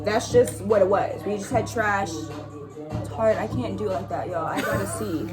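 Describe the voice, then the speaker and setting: Chatty young woman with loud music behind. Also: mid-range voice, normal speed. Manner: chatty storyteller, laughs often. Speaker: vlogger doing makeup. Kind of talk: casual chat with a sister. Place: a room at home with music playing. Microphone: phone or camera, no microphone.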